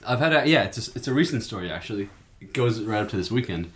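A man's voice: lowish voice, expressive, fast. A man co-hosting a podcast in casual chat, playful and laughing often. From Canada. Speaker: podcast co-host.

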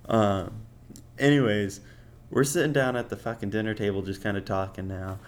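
A man's voice: on the low side, fairly even intonation, normal speed. A young man casually telling dating stories as a podcast host, swearing and laughing often. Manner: profane and laughing, offhand. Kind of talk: casual storytelling.

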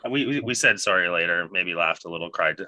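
A man casually telling a profane, animated party story with bursts of laughter. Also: low voice, fairly quick, no echo, muffled recording.

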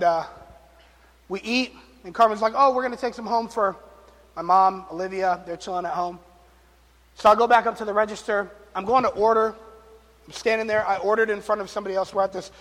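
A man preaching a sermon, telling a story and acting out the people in it, with jokes along the way. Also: high-pitched. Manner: animated, acts out quotes, jokes and laughs. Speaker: pastor. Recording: long reverb of a large hall.

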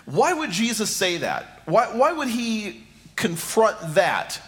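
A man's voice: high voice, very animated, takes it slowly, a bit bright. A middle-aged man preaching a sermon as pastor, repeating rhetorical questions and speaking straight to his listeners.

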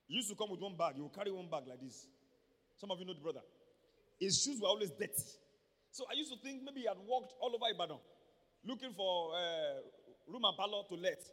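A man with a Nigerian accent preaching a sermon as pastor, emphatic and repetitive, rising at times to shouts. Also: sits high, big pitch swings, a little fast. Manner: emphatic, repeats words, rises to shouts. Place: church hall. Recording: long church hall reverb.

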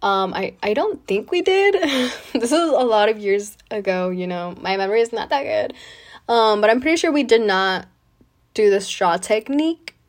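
A woman's voice: fairly high pitch, expressive, normal speed. Chatty woman telling a story. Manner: chatty, lots of "like" and "you know". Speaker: podcast host. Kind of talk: casual storytelling.

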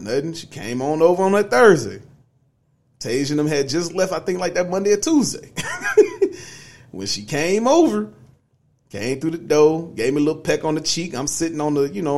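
A man's voice: a little high, vocal fry. Laid-back man telling a story. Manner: laid-back, many fillers like "you know what I'm saying". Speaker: podcast co-host. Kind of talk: casual storytelling.

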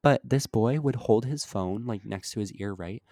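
A man's voice: lowish voice, normal speed, warm tone, no echo, clean studio sound. A young man co-hosting a casual podcast, telling a long story with many "like" fillers and acting out overheard lines. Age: young adult. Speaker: podcast co-host. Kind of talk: casual chat.

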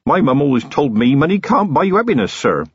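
A man's voice: fairly high pitch, very animated, brisk, husky, dry recording, pitched above the performer's own voice. A man reading a novel aloud, voicing an earnest young village constable who is eager, deferential and boyish. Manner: eager and deferential, lots of "sir". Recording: dull lo-fi audiobook recording.

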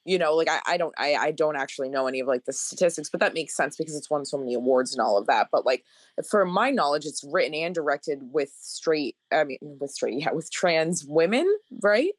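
An adult podcast co-host chatting casually, hesitant and searching for words, quick to laugh. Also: medium pitch, no room sound. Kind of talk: casual chat.

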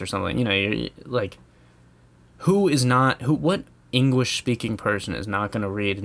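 A rambling American man rants in a loose, comedic way, swearing freely and chuckling at his own points. His voice sits on the low side for a man. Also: normal speed, a bit bright. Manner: rambling, profane, chuckling, with many fillers. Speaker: vlogger. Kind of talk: casual comedic rant.

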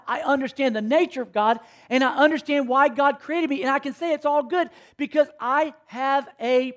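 A man's voice: extremely high pitch, a bit bright. A man preaching a sermon to a school audience, often stopping to ask the listeners questions and check that they follow. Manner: asks the audience questions, call and response. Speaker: speaker at a school.

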